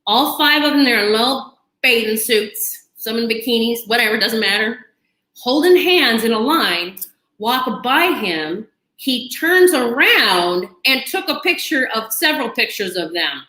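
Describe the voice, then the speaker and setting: A woman's voice: fairly high pitch, lively intonation, measured pace, sharp tone. A woman host telling a personal story to camera in a chatty, dramatic way, with asides and laughter. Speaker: channel host. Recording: echoey room.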